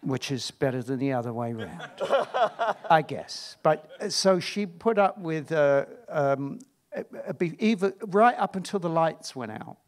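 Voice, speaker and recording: Halting middle-aged man telling stories. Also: on the high side, lively intonation. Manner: halting, stop-start, self-interrupting. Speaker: actor at a screening Q&A. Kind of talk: candid anecdotal chat.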